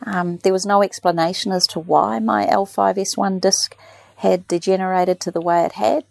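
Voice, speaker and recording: A woman's voice: mid-range voice, steady tone, normal speed, creaky, darkish tone, no room sound. A middle-aged woman, chatting casually and animatedly telling a personal story, acting out the voices of others. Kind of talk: casual chat.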